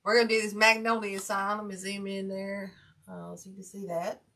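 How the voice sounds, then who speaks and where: A woman's voice: medium pitch, little pitch movement, moderate pace, pushed and bright. An older woman from Ohio hosting a casual craft livestream, chatty and folksy, greeting viewers by name. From Ohio, USA. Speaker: wreath-making livestream host.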